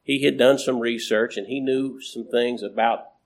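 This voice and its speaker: A man preaching a sermon in a slow, repetitive cadence, with emphatic rises and phrase endings that trail off quietly. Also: medium pitch, fairly even intonation.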